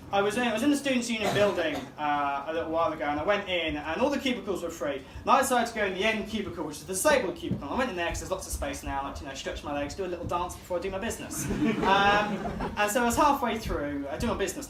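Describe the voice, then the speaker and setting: A man's voice: high-pitched, background noise. Young man doing stand-up in a pub. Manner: self-deprecating, laughs at own jokes. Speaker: stand-up comedian. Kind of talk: stand-up set. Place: pub comedy night. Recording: echoey pub room from far off. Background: audience laughter and room ambience.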